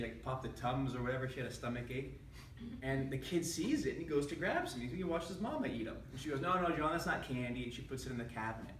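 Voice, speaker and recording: A man giving a prepared speech to an audience, telling a humorous family story with animated delivery. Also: mid-range voice, a little hiss or hum. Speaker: public speaker. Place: meeting room with an audience. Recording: echoey room from a distant mic.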